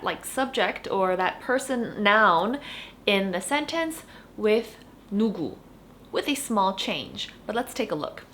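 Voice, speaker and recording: A woman giving a casual online Korean lesson, chatting in English and saying each Korean example slowly and clearly, then repeating it. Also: mid-range voice, a bit bright, a little hiss or hum. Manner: chatty, explains with "like" and "you know". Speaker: Korean language teacher.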